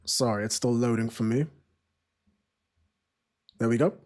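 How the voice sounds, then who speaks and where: A man's voice: mid-range voice, fairly even intonation, unhurried, darkish tone. A man hosting a live football watchalong, chatting casually and self-deprecatingly with many fillers and restarts. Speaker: watchalong streamer. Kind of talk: casual live-stream chat.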